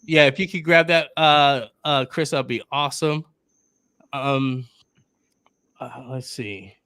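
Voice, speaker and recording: A man's voice: mid-range voice, fairly even intonation, takes it slowly, sharp tone, clear, resonant tone, no room sound. A man hosting a livestream over a video call, joking and laughing often as he keeps the chat going. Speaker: livestream host.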